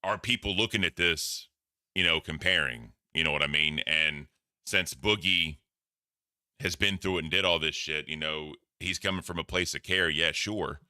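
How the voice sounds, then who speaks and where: Deep-voiced blunt male stream host. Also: normal speed, pushed and bright, dry recording, clean studio sound. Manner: blunt, rambling, profane. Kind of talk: casual commentary on stream clips.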